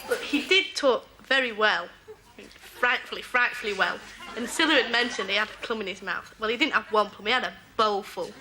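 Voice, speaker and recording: A woman's voice: fairly high pitch, fairly quick, hardly any pauses, very noisy. A woman with a northern English accent, telling cheeky stories in an interview and laughing as she goes. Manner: chatty, cheeky, laughing storyteller. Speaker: game show contestant. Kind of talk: casual interview anecdotes.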